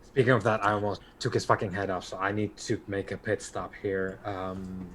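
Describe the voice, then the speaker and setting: A man playing a tabletop role-playing game, talking in hesitant, halting restarts. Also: on the low side, flat delivery, fairly bright tone, slight background noise. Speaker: player. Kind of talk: in-character tabletop play.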